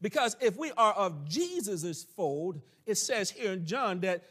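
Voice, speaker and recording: A man leads a church Bible study in full preaching cadence, his voice sitting notably high for a man. He slows right down to lean on his key phrases and slips in homespun country asides. He comes across as a pastor teaching his congregation. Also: very animated, fairly bright tone. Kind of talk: sermon-style Bible teaching.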